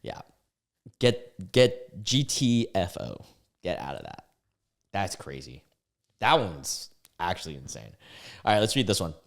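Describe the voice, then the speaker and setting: A young man hosting a casual online video, reacting to posts in a halting way and often stumbling and restarting his words. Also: low voice, sing-song, creaky. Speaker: YouTube reaction host.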